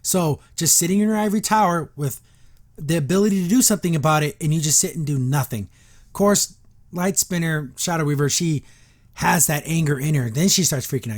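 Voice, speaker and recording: Animated man recapping a cartoon. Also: fairly high pitch. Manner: animated retelling, acting out characters' lines in quick voices. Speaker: podcast host reviewing a cartoon episode. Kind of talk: casual recap and reaction.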